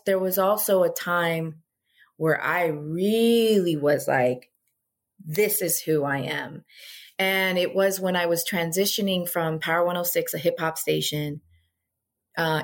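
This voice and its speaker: A middle-aged woman and former radio host, talking earnestly and reflectively as an interview guest, with frequent "you know" asides. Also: lowish voice. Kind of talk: casual interview conversation.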